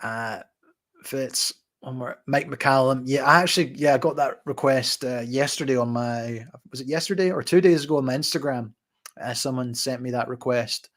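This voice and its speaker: A man reading out and answering viewer comments on a live stream, relaxed and chatty, with lots of ums and uhs. His voice sits at an ordinary middle pitch for a man. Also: moderate pace. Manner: relaxed, chatty, reads viewer comments aloud with many fillers. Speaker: boxing channel host.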